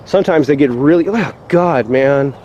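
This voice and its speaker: Walking a rural trail outdoors, a man vlogs an exasperated rant full of swearing. His mid-range, slightly mellow voice moves at a moderate pace, recorded lo-fi with slight background noise.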